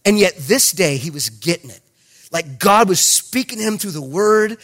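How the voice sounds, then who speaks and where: High-voiced, animated male preacher. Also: moderate pace. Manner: animated storytelling, acts out dialogue, emphatic. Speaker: pastor. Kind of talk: sermon.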